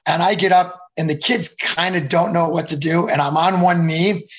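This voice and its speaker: A man's voice: a little high, steady tone, moderate pace, muffled recording. A middle-aged man, a hockey coach, chatting as a podcast guest and rambling with many fillers and restarts. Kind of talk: casual podcast chat.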